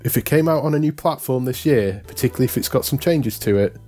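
A man's voice: medium pitch, quick pace, warm tone, faint music behind. A man co-hosting a podcast, talking in a casual, rambling way and often correcting himself. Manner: rambling, self-correcting, amused. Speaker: podcast co-host. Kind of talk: casual chat.

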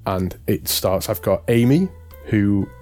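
A man in easy podcast chat, his voice sitting fairly low. He rambles through his points and keeps correcting himself along the way. Faint music plays underneath. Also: slow pace, a little mellow. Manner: rambling, self-correcting, amused. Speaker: podcast co-host. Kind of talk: casual chat.

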